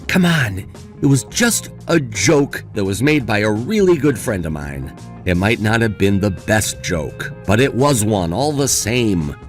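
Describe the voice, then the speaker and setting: A man plays a young man in a dramatized story, mocking and dismissive one moment, sympathetic the next. His voice moves around a lot in pitch. Light background music plays under the dialogue. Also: sing-song, measured pace. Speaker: voice actor in a story video. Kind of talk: scripted voice acting.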